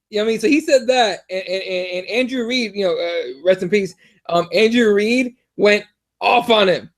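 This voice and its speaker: A young American man co-hosting a podcast, telling stories in a rambling, profane, animated way with lots of restarts. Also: sits high. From United States. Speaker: podcast co-host. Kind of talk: casual chat.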